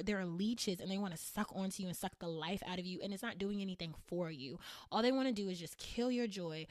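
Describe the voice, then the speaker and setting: A woman's voice: medium pitch, dry recording, studio quality. A woman hosting her own podcast in a candid solo monologue, blunt and emphatic, repeating phrases for punch and swearing casually. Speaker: podcast host.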